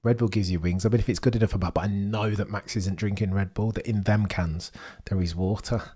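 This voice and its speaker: A young man hosting a live watchalong stream, chatting excitedly with his viewers and bantering as he goes. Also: fairly low pitch, brisk, husky.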